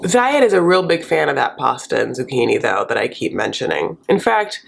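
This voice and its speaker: A woman hosting a casual TV recap, gossipy and sassy with quick joking asides. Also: rumbling low, sing-song, gravelly, husky. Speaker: recap host.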